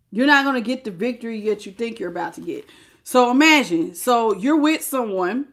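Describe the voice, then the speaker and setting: A woman's voice: a little high, a bit bright. A woman giving a casual live-stream tarot reading, chatty and emphatic, often laughing and greeting viewers by name. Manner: emphatic, repeats key phrases. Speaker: tarot reader.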